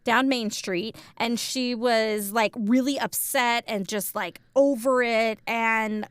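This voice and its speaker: A woman's voice: a little high, steady tone, slow pace, clear, resonant tone, no room sound. A woman co-hosting a casual true crime podcast, telling the story with lots of ums and likes.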